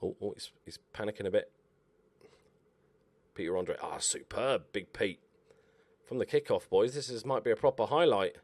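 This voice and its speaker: A man commentating over his own football management game, excitable and swearing at his players. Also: on the low side, moderate pace, pauses often, dry recording. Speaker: gaming YouTuber. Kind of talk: Let's Play commentary.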